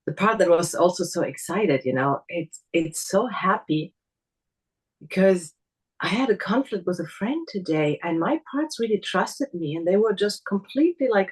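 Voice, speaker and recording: A woman taking part in a group workshop on a video call, sharing her feelings warmly and searching for words. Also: on the low side, expressive, moderate pace, slightly rough. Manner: warm, searching for words, laughs often. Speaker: workshop participant. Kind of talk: personal sharing.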